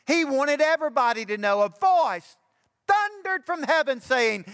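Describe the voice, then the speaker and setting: An older pastor preaches in a high voice that climbs with fervent emphasis. His words ring out with a long reverb, as if filling a church sanctuary. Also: animated, moderate pace, a bit bright, clean tone. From Alabama. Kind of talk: sermon.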